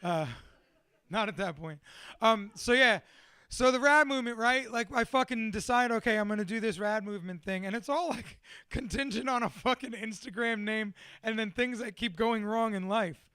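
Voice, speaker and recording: A young man with a high, forceful voice speaks candidly to a small audience about his past. He swears freely, mocks himself and laughs often. The sound is dry and close, with no room echo. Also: moderate pace, clear, resonant tone. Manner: profane, self-deprecating, laughs often. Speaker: motivational speaker.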